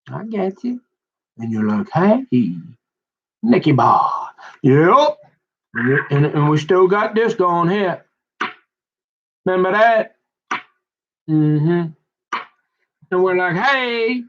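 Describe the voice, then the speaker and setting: With a fairly high pitch and lively intonation, a man spins a long, meandering personal story over dull audio. He speaks directly to his listener, keeps checking in with "right?" and "mm-hmm," and restarts often in his casual, drawn-out monologue.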